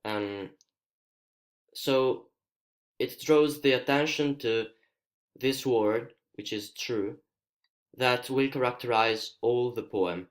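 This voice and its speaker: In a screencast lesson, a male student from Italy walks through a poem in Italian-accented English, his native tongue being Italian. His medium-pitched delivery is cautious and halting, with pauses while he looks for the right words.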